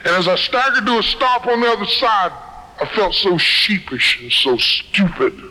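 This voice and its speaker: A man's voice: high voice, very animated, normal speed, pushed and bright, low-quality recording. A man sharing a personal testimony with a live audience in a folksy, earnest storytelling way. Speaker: speaker sharing his testimony.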